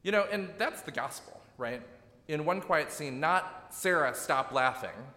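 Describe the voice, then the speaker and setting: Bright-voiced preacher in an echoey hall. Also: male voice, fairly high pitch, lively intonation, measured pace. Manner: reflective, gently emphatic preaching with rhetorical "right?". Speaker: pastor. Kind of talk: sermon.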